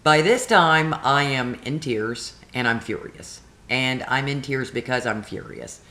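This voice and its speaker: A woman's voice: very deep voice, measured pace, roomy sound. A woman telling a story about a phone call to the camera, acting out both sides and getting more and more worked up, laughing now and then. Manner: animated retelling with quoted dialogue and rising frustration; laughs between phrases. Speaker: video blogger. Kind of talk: casual storytelling.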